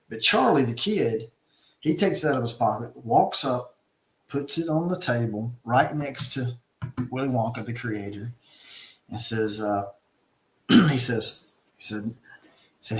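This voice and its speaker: Man, middle pitch, emphatic storyteller with lots of restarts, casual chat, echoey room sound. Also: unhurried. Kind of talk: casual conversation, retelling a film.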